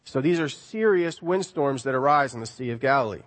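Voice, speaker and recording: A man's voice: mid-range voice, animated, brisk, long reverb tail. A male preacher giving a sermon, telling a story in a conversational way with rhetorical questions.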